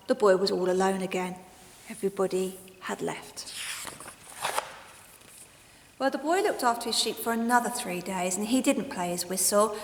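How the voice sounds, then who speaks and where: Animated woman telling a children's story. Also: medium pitch. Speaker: teacher leading a school assembly. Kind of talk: storybook read-aloud for young children. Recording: echoey hall with long reverb.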